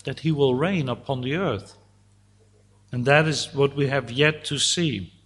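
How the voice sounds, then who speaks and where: A man preaching a sermon, teaching slowly and deliberately through a psalm and voicing God's words at times. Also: medium pitch, fairly bright tone, breathy edge.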